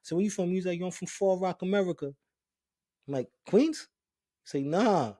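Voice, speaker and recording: A man's voice: sits high, fairly quick. A man from Brooklyn with a New York accent, co-hosting a podcast in loose banter, acting out voices as he tells stories. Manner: animated storytelling, acts out voices; swears freely. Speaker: podcast co-host. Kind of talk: casual banter.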